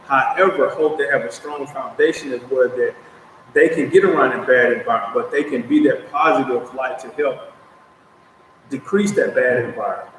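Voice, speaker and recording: A man hosting an interview at a stadium, speaking haltingly and restarting phrases. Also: medium pitch, fairly bright tone, slight background noise. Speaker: show host. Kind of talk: casual interview. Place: outdoors at a stadium. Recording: echoey, distant outdoor mic with faint ambience.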